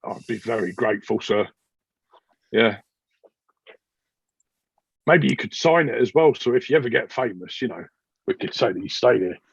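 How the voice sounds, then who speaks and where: A man's voice: mid-range voice, expressive, normal speed, vocal fry, pauses often, husky, dry recording. A man voicing an eager, polite male innkeeper who bargains slyly with a guest. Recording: dull dry recording.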